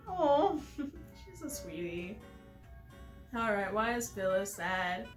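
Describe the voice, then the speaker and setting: A woman's voice: mid-range voice, sing-song, takes it slowly, pauses often, echoey room, faint music behind. A young woman hosting a let's play, chatty, giggly and playfully dramatic in her game commentary.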